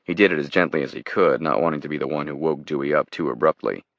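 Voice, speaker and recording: Male audiobook narrator, very low voice, steady and measured; dry, dull recording. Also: dry recording. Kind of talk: scripted thriller narration.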